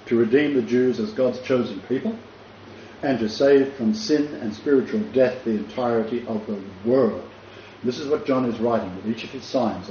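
Man preaching, vivid storytelling, restarts, mellow dark voice, faint background noise, muffled sound. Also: medium pitch. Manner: imaginative, rambling with restarts and chuckles. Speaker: Bible teacher. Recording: dull echoey room with faint noise.

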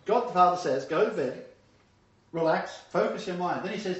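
An older man in his sixties preaching a sermon, swinging between emphatic loud bursts and hushed, low asides. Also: a little fast. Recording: roomy, distant, dull-sounding hall recording.

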